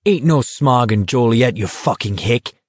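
A man's voice: mid-range voice, animated, normal speed, a little mellow, no room sound, natural voice. A man reading aloud, voicing a big insolent young tough who talks in a crude, sneering, profane way.

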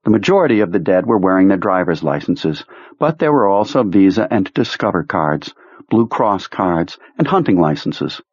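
A man reading an audiobook in a measured, even narration voice. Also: low voice, breathy edge, no room sound, highs cut off.

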